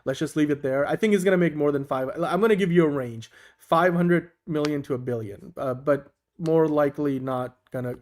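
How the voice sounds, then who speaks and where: A man's voice: on the high side, brisk, a little mellow. A man co-hosting a casual online talk show, upbeat and laughing often, with frequent restarts. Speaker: co-host. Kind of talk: casual chat.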